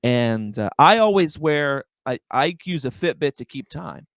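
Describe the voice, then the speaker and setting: Young male stand-up telling a story with lots of "like" and "dude", a bit high-pitched, dry close sound. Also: unhurried, creaky, no room sound. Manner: animated, filler-heavy, says "like" and "dude" often. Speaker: stand-up comedian, podcast guest. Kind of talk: casual storytelling chat.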